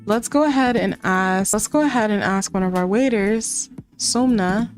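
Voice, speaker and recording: A woman's voice: medium pitch, normal speed, soft background music. A woman giving casual, chatty commentary while playing a life-simulation game, narrating what she does. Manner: excitable, chatty, narrates her actions. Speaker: gaming content creator.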